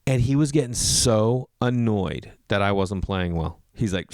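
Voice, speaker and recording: This time the stand-up comic speaks on the low side at a measured pace, spinning a casual comedic monologue for his podcast. He peppers it with "like" and performs other people's words in raised, animated voices, all captured in clean studio sound without room noise.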